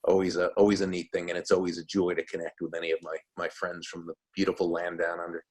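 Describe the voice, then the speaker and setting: A man in his sixties talks as a guest author in an easygoing interview. His voice sits deep and low, and his phrases fade softly at the ends. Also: level tone, fast talker, husky. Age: 60s. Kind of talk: casual interview talk.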